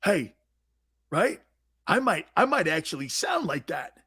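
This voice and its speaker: A man with a high-pitched voice hosts a sports talk show in an animated, ranting style. He is loud and mocking, and he slips into angry fan impressions. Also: measured pace, husky.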